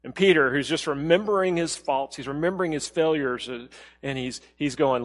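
A man preaching a sermon as a pastor, talking in a conversational way and dropping to a soft low voice when he quotes. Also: normal speed, big-room sound.

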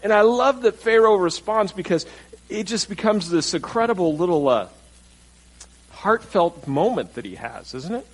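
A male pastor with a high-pitched, animated voice preaches at a moderate pace, his tone slightly rough on a rough recording. His sermon is conversational: he puts questions to the congregation and acts out the people in the story.

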